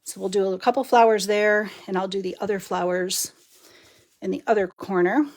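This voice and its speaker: A woman's voice: medium pitch, steady tone, moderate pace. Chatty woman demonstrating card making. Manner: chatty, laughs often, talks while working. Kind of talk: live stream craft demo.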